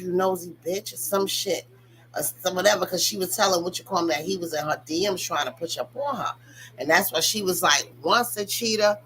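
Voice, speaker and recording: A woman's voice: mid-range voice, a bit bright, slight background noise, low-quality recording. A woman giving blunt, profane casual gossip commentary on a reality TV show, talking straight to her viewers.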